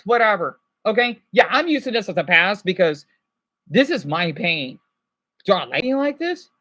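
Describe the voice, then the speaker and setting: A man's voice: high voice, a bit bright, muffled recording. A stressed man vlogging, ranting to his viewers in an agitated, rambling way, swearing and then apologizing. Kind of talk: unscripted emotional rant to viewers.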